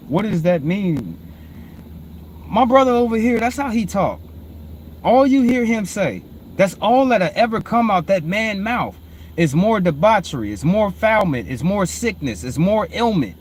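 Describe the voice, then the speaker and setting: A man, hosting and preaching informally on proverbs, repeatedly calling listeners "family", swinging between low murmured reading and loud emphatic preaching. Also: big pitch swings, a little slow, slight background noise. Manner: repetitive, calls listeners "family". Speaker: host.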